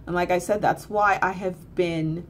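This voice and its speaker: A woman's voice: fairly low pitch, fairly even intonation, unhurried, a little hiss or hum. A woman telling a story in a casual, blunt, earthy way, swearing freely and repeating phrases for emphasis. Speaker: spiritual teacher.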